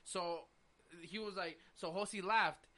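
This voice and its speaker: A young man hosting a podcast tells a story in casual chat, his voice sitting high and his pace measured. He's an animated storyteller who acts out quotes and says "like" a lot.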